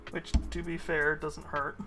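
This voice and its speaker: He speaks in a fairly high voice with a flat, unhurried delivery, music running in the background. A young man casually chats on a live stream while painting miniatures, rambling and making self-aware asides to a friend.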